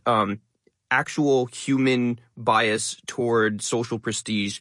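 A young man talking fast and stressing many words as a content creator guest in an interview. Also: fairly low pitch, a bit bright, no echo, studio quality. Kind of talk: interview conversation.

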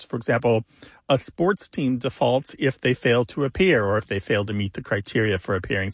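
A man co-hosting a call-in radio show about words, explaining word origins in a relaxed way with fillers. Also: mid-range voice, gravelly, no room sound, clean studio sound.

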